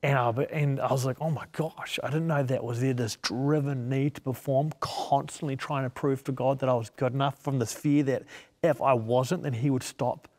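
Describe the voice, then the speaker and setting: A man's voice: medium pitch, steady tone, moderate pace, darkish tone, long reverb tail. A man, a media missionary, giving an earnest personal testimony in an interview and acting out the voices in his head as he tells it.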